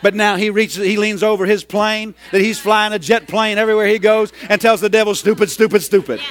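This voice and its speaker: Animated high-voiced male preacher. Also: fairly quick, a faint crowd. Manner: animated preaching, rising to loud hollering. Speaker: pastor. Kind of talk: sermon.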